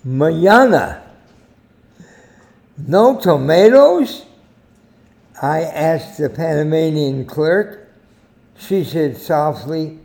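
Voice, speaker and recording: An older man with an American accent tells a personal anecdote for a weekly editorial. His voice is gravelly and mellow, and he unhurriedly lets each phrase land. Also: a little high, expressive, very slow, pauses often. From United States. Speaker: editorial host. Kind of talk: short spoken editorial with anecdotes.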